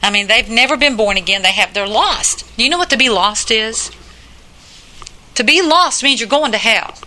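A woman's voice: on the high side, animated, moderate pace, sharp tone. An older woman preaching a sermon in an earnest, plain-spoken way, repeating her points for emphasis.

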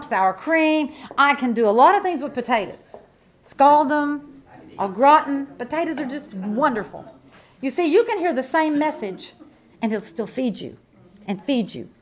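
Woman preacher with a high voice, emphatic, folksy sermon delivery that swings from loud to hushed. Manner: folksy, conversational asides to the congregation.

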